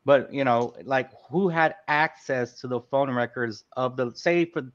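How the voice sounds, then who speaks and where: A man's voice: medium pitch, unhurried, highs cut off. A man co-hosting a podcast in loose, slangy casual chat, calling his co-hosts "dude.". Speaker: podcast co-host.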